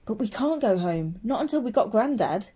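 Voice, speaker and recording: A woman's voice: fairly high pitch, animated, moderate pace, warm tone, slightly rough, pitched above the performer's own voice. A woman voicing an earnest young boy who pleads urgently to rescue his family. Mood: eager. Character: earnest determined young boy, the narrator-hero.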